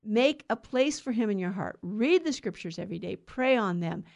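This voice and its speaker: A woman's voice: mid-range voice, animated, moderate pace, gravelly, darkish tone. A woman reading a gospel passage and then giving a chatty, conversational homily with small laughs. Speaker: preacher giving a gospel reflection. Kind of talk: informal homily.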